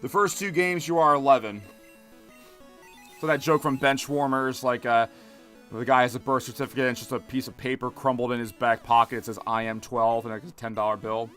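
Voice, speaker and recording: With faint music behind him, a thirtysomething man talks through a game stream in a rambling, casual let's-play manner full of restarts. He has a steady, mid-range voice, a bit bright and a little fast.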